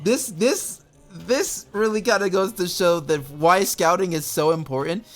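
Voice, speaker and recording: A man casting a strategy game match, excitable, often laughing and yelling advice at the players. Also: sits high, a little slow, soft background music. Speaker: game caster. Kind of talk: esports match commentary.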